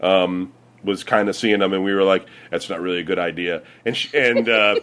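A man's voice: low voice, normal speed, smooth. A man with a Midwestern American accent telling rambling, profane stories to friends, laughing and acting out the people in them. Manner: swearing, laughing storyteller with lively quoted voices. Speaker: podcast regular. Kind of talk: casual storytelling among friends.

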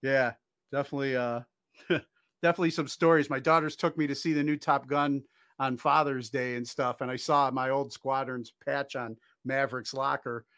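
A man hosting a casual interview, relaxed and agreeable. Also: medium pitch, moderate pace, no room sound, studio quality. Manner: relaxed, agreeable, short reactions. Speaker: host.

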